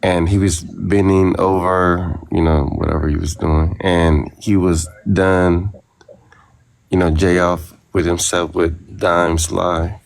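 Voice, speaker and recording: Man, very low voice, slow pace, meandering gossip on a live. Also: little pitch movement, gravelly. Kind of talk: casual livestream gossip.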